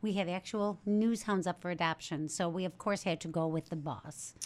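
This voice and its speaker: A woman's voice: fairly low pitch, moderate pace. A woman from an animal shelter talking about a dog up for adoption in a casual interview, chatty and enthusiastic, often restarting her sentences. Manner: chatty, self-correcting, enthusiastic.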